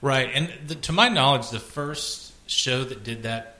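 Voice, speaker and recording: A man's voice: mid-range voice, a little slow, sharp tone. A man hosting a casual podcast, rambling and swearing as he chats about television. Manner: rambling, profane, joking. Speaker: podcast host. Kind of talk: casual chat.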